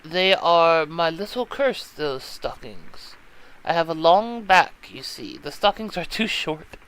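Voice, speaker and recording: A man's voice: a little high, big pitch swings, takes it slowly, a bit bright, clean tone, full character voice, poor audio. A man putting on a melodramatic schoolgirl. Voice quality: theatrical, formal phrasing without contractions. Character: dramatic Russian schoolgirl, gloomy and fanciful.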